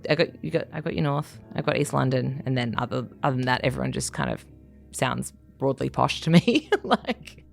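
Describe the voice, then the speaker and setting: Low, gravelly Australian woman musing. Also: lively intonation, normal speed, faint music behind. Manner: conversational, hesitant, many fillers and restarts, laughs often. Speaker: writer. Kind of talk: reflective casual interview talk. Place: living in Scotland.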